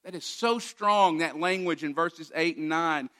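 A man's voice: fairly high pitch, a little slow, pushed and bright. A man preaching a sermon as pastor, emphatic and direct, guiding listeners through a passage and posing rhetorical questions.

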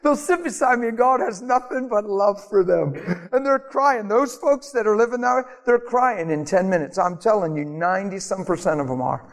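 A man preaching a sermon in a storytelling way, animated, laughing often and acting out the voices of the people in his stories. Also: sits high, moderate pace, big-room sound.

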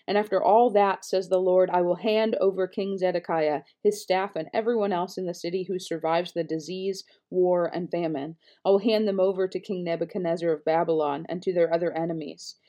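A woman reading scripture aloud in a measured, steady delivery, now and then correcting a slip. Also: lowish voice. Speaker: Bible reader.

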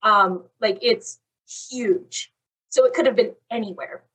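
A young woman casually telling a long story on a chat podcast, animated and saying "like" constantly. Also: medium pitch, measured pace, husky. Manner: animated, fills talk with "like". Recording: voice a bit far from the mic.

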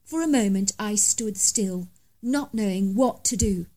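A woman's voice: medium pitch, a little slow, dark tone. A woman reading a first-person story aloud as scripted narration, in a dramatic, emphatic manner.

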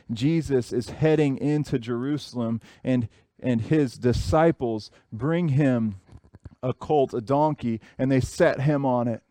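A man's voice: mid-range voice, a little slow, warm tone, no room sound. A man in his thirties preaching a sermon, earnest and repeating phrases for emphasis. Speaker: pastor.

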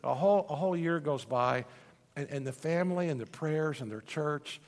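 A man's voice: on the high side, normal speed, a little mellow, in a large hall. A man preaching a sermon as pastor, telling stories with frequent stammered restarts. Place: church sanctuary.

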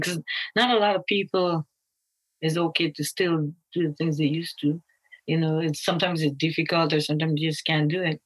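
A young woman from Guyana speaks in a casual, loose interview manner, stacking fillers and restarting her sentences. Her voice sits a little low for a woman. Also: moderate pace, low-quality recording. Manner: casual, many fillers and restarts, quotes others in lively voices. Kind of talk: candid interview talk.

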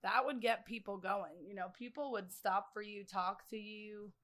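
A woman's voice: medium pitch, fairly even intonation, moderate pace, fairly bright tone. A young woman, a guest, chatting casually in a bar with a laid-back, filler-heavy way of talking. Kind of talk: casual chat.

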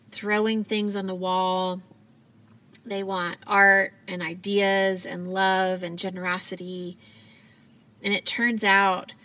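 A woman in her thirties, a mother, hosting a reflective solo podcast in a gentle, earnest, heartfelt way. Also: mid-range voice, far from the mic. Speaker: podcast host.

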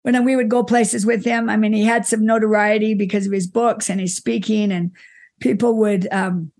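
A middle-aged woman, an interview guest, fondly telling stories about her father, often restarting her sentences and laughing softly. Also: medium pitch, level tone, normal speed. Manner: warm reminiscing with frequent restarts and soft laughs. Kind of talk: conversational storytelling.

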